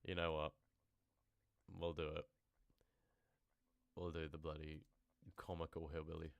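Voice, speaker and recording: A man's voice: very deep voice, completely flat delivery, measured pace, gravelly, dry recording, lo-fi sound. A man chatting casually and joking on a live stream. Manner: joking, self-amused, chatty. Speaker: horror story narrator on a live stream.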